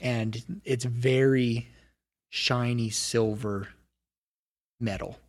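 A man's voice: mid-range voice, fairly even intonation, drawn-out words. Casual man narrating a tabletop game. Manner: casual, hedging with filler words. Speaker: game master.

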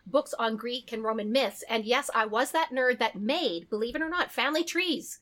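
A woman's voice: fairly high pitch, lively intonation, normal speed, fairly bright tone. A chatty woman from the prairies, a podcast guest who laughs often while telling a personal story. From Canadian prairies. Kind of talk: casual chat and storytelling.

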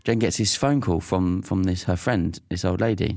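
A man's voice: lowish voice, fairly quick, hardly any pauses, darkish tone, no room sound, studio quality. A man co-hosting a podcast, telling a rambling, laughing anecdote in casual chat, recorded in a teepee at home. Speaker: podcast co-host.

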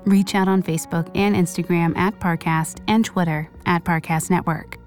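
A woman with a lowish, mellow voice tells a true-crime story as a podcast host. Her scripted narration is measured and grave, and soft music plays faintly behind her. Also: fairly even intonation.

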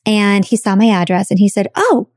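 A woman telling a personal story in a chatty, animated way, acting out the voices of people she quotes. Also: medium pitch, brisk, no echo, clean studio sound.

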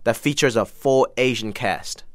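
A man's voice: medium pitch, moderate pace, dry recording. A man from Hong Kong in his thirties, a comedian guest talking in a casual interview, telling stories animatedly. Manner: animated storytelling, quotes others in lively voices.

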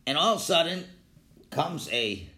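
Male Torah teacher, lively lecture delivery, bright and forceful tone, calls out examples loudly. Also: on the high side, normal speed. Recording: echoey room.

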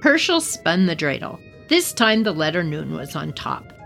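A woman's voice: deep voice, sing-song, moderate pace, gravelly, hardly any pauses, a bit bright, faint music behind, poor audio. A woman reading a story aloud on her podcast with playful, chatty asides.

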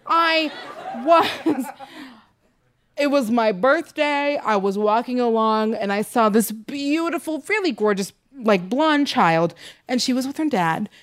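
A young adult woman performing a stand-up set live, animated and laughing, jumping to high squeals on punchlines. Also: slow. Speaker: stand-up comedian. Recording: live club mic with faint crowd noise.

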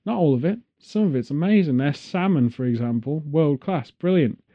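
English male host, higher-pitched, sarcastic comic rants; dull lo-fi recording. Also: lively intonation, moderate pace. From England. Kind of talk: casual chat.

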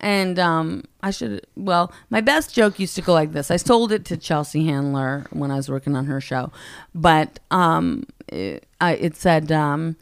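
Animated woman comedian telling stories. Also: low-pitched, smooth, no echo, clean studio sound. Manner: animated, laughs often, quick asides. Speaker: stand-up comedian guest. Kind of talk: casual anecdote storytelling.

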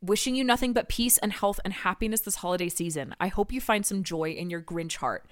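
A woman's voice: mid-range voice, fairly quick, no echo, clean studio sound, lightly acted. A woman playing a self-righteous husband who defends his wife, talking in an indignant, preachy way, in comedy improv. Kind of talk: comedy improv of social media comments.

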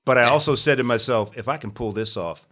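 Bright-voiced man telling a lively story. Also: mid-range voice, quick pace. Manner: animated storyteller, acts out quoted voices. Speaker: podcast guest. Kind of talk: storytelling in casual chat.

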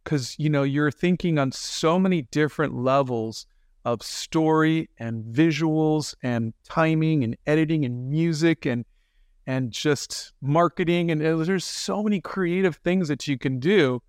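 Animated man telling stories, clear voice. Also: a little high, measured pace, dry recording, clean studio sound. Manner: animated anecdotes with quoted voices. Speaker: guest, animator and film director. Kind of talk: casual interview storytelling.

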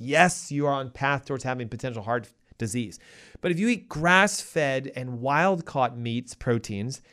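A middle-aged man hosting a health show, giving emphatic, punchy advice full of rhetorical questions and quick asides. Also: medium pitch. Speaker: health podcast host. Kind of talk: energetic health advice talk.

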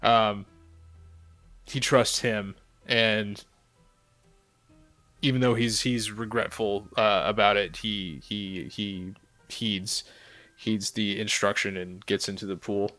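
A man's voice: fairly low pitch, fairly even intonation, slow pace, long pauses, pushed and bright, no echo, faint music behind. A man playing a tabletop game, describing his character's actions in a hesitant, thinking-aloud way.

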